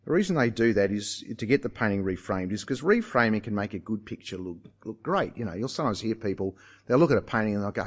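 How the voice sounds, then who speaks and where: A man preaching a sermon, emphatic and animated, putting rhetorical questions to his listeners. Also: lowish voice, quick pace, hardly any pauses.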